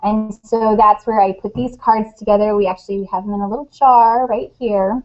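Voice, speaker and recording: A woman guest author chatting on a webcast, telling lively stories and acting out quotes. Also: medium pitch, normal speed. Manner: animated storyteller, acts out quotes. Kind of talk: casual webcast chat. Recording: dull lo-fi webcast audio.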